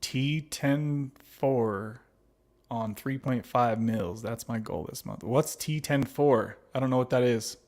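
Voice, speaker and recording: Taking it slowly, this man with a mid-range, somewhat mellow voice hosts a casual livestream. He reads the chat out loud and replies, laughs a lot, and warmly addresses viewers as buddy and babies.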